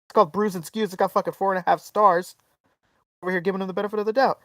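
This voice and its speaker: A man's voice: high-pitched, fast, no echo, distant mic. A man spins a long, profanity-laced anecdote for his podcast co-hosts, jumping into little voices for everyone in the story. He sits a bit back from the mic in a dry, dead room. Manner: animated storyteller, swears freely, acts out quotes. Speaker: podcast co-host. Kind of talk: casual storytelling chat.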